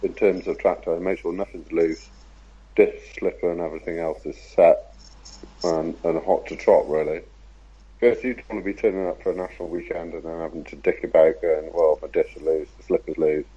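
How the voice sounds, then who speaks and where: Deep, husky laid-back man. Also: fairly even intonation, dark tone, highs cut off. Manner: laid-back, measured, hesitant fillers. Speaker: podcast guest, RC car racer. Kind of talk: casual podcast conversation.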